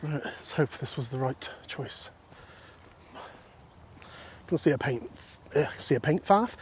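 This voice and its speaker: Fairly high-pitched and animated, this man talks slowly and pauses often. He's vlogging on a countryside walk, chatting casually and joking with his viewers and the sheep along the fields and paths, with faint wind in the background.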